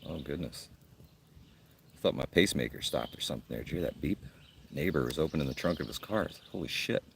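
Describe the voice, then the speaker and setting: A deep-voiced man hosts a casual livestream from a campsite, answering viewer comments. He talks gruffly and bluntly, with plenty of joking. Faint outdoor noise and birdsong sit behind his voice. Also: expressive, fast. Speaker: livestream host.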